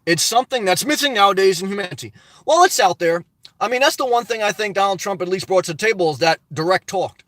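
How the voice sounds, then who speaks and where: A man with a fairly high voice runs a casual live stream, reading out viewer comments and replying to each one. He is chatty, affectionate and blunt. The recording is dry and close, with no room echo. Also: animated, fast talker, fairly bright tone. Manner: upbeat, talkative, affectionate, blunt and direct. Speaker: vlogger hosting a live chat.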